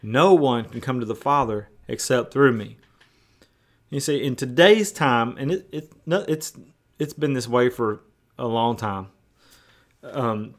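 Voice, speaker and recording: A male pastor preaching a sermon in a conversational way, often repeating words and restarting. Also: mid-range voice.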